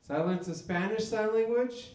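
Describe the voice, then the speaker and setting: A man of Mexican background doing a deadpan stand-up set in a comedy club. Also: sits high, normal speed. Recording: echoey club room.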